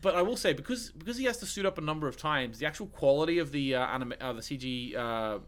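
A man's voice: on the high side, expressive, quick pace. Rambling young man chatting about films. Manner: rambling, many restarts and fillers. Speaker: podcast co-host. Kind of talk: casual film chat.

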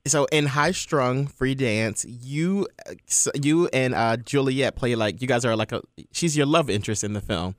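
A man's voice: mid-range voice, moderate pace, dry recording. Eager male interview host, dry sound. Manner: eager, gushing, many fillers. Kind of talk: casual interview.

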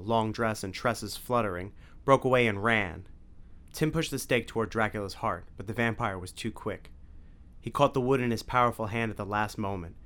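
A man narrating an adventure story as an audiobook, with clear, evenly paced storytelling. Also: on the low side, fairly bright tone.

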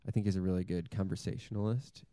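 Mellow low-voiced man chatting. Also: steady tone, fast, clear, resonant tone, no room sound, clean studio sound. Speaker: podcast co-host. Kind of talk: casual chat.

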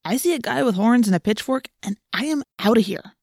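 A jittery teenage boy who cracks nervous jokes, his voice shaky and slipping into hushed whispers, as a woman narrator puts him on. He sounds a notch higher than the reader's own voice, and the recording is dry and close. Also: expressive, fairly quick, vocal fry, no room sound.

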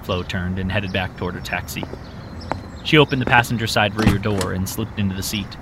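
A man reading a story aloud as narrator in a steady, measured way. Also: low voice, background noise. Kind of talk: audiobook narration.

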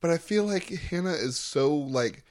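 A man's voice: a little high, expressive, unhurried, a little mellow. A young man co-hosting a podcast, recapping events in casual chat with dry jokes. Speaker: podcast co-host.

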